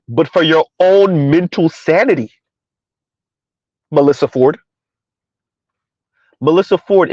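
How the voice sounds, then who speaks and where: A man's voice: a little high, no echo, highs cut off. A man hosting an opinion monologue, mocking with repeated rhetorical questions. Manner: sarcastic, repetitive rhetorical questions. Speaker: commentary channel host.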